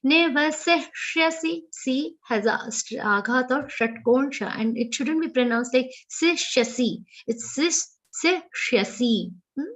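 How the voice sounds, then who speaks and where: High-voiced Indian woman teaching recitation. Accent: Indian English. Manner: chants verses slowly, then explains pronunciation briskly. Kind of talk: online pronunciation class. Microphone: video call.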